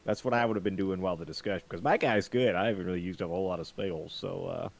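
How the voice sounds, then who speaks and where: A man's voice: low voice, steady tone, racing, vocal fry. A man playing a tabletop game, easygoing and asking rules questions. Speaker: player. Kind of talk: casual chat at a tabletop game.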